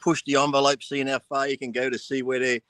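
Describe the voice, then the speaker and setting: A middle-aged man talks bluntly into a podcast mic, joking and cursing without holding back. His voice sits at a middle pitch, and the sound is dry and close, with no room in it. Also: flat delivery, quick pace, fairly bright tone, no room sound. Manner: blunt, joking, swears freely. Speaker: podcast co-host. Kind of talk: casual chat.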